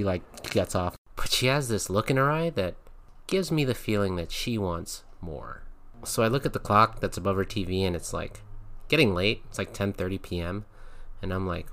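A man's voice: low voice, a bit bright. A man hosting a podcast, telling a story in a casual, rambling way with lots of fillers and frequent laughs. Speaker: podcast host.

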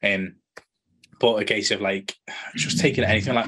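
A man with a low, husky voice chats loosely on a podcast, tossing in "like" constantly and swearing offhand. He sounds lively and opinionated. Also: normal speed. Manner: animated, full of "like", swears casually. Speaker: podcast co-host. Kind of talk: casual chat.

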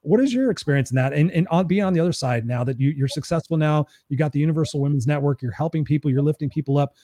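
A man's voice: a little high, fast, dark tone. A man hosting an interview, telling motivational stories with energy. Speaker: podcast host. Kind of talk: casual interview conversation.

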